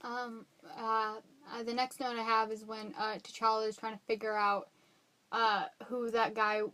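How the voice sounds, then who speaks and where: A woman co-hosting a casual movie review chat, excitable and jokey, acting out moments from her notes. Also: a little high, unhurried.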